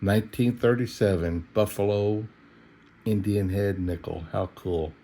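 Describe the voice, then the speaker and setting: Tired, easygoing man with a low voice. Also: a little slow, warm tone, a little hiss or hum. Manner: easygoing folksy chatter, chuckling. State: tired and yawning. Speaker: coin roll hunter. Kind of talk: casual narration while searching coins.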